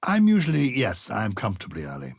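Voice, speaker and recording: Older guy co-hosting a podcast, husky voice that jumps around a lot, theatrical, dry close mic. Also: lowish voice, wildly swooping pitch, a little fast, no room sound. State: coughing from biscuit crumbs. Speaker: podcast co-host. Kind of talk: casual chat, reading listener letters.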